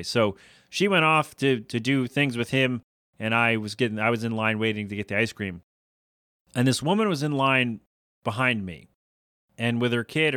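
A man in the middle of a pitch, ranting on his solo podcast, rambling along and then climbing into incredulous, exasperated outbursts. The recording is dry and close, with no room sound. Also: a bit bright, no echo. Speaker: podcast host.

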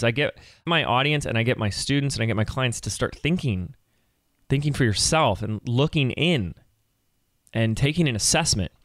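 Energetic male podcast host, dry close sound. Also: medium pitch, dry recording. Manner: energetic, conversational, coaching tone. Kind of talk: solo podcast monologue.

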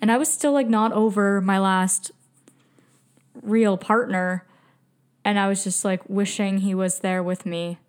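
A woman's voice: medium pitch, steady tone, a little slow, long pauses, clear, resonant tone. A woman talks through a travel story on her podcast in a loose, chatty way. She laughs often, fills her talk with "like," and pokes fun at herself. She mentions she is fighting a migraine, and her words slip now and then. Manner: emotional, self-mocking. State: migraine, speech slipping. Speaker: podcast host. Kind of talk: casual storytelling monologue.

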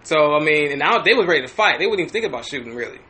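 Podcast host, male, high bright voice, animated profane storyteller, restarts often. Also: racing. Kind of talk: casual storytelling.

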